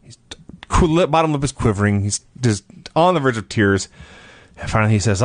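A man's voice: lowish voice, lively intonation, brisk, no echo. A man co-hosting a casual podcast, retelling events in a storytelling way and laughing often. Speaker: podcast co-host. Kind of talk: casual wrestling recap chat.

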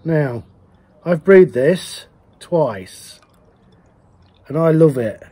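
A man's voice: fairly high pitch, lively intonation, drawn-out words, mellow. A man in a casual beer-tasting vlog, chatty and rambling, often correcting himself mid-sentence. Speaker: homebrewer reviewing beers.

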